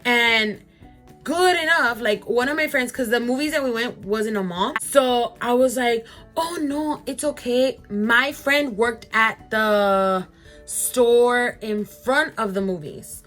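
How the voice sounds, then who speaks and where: A woman's voice: on the high side, slow, fairly bright tone, soft background music. A woman in her twenties chatting to viewers in a casual storytime vlog, full of "like" fillers. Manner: chatty, lots of "like" fillers, addresses viewers directly. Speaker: vlogger.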